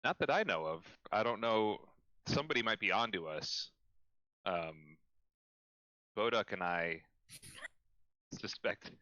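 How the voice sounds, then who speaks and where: A man voicing a cautious, earnest young man who speaks in a careful, hushed way. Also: lowish voice, expressive, unhurried, pauses often, no echo, lo-fi sound.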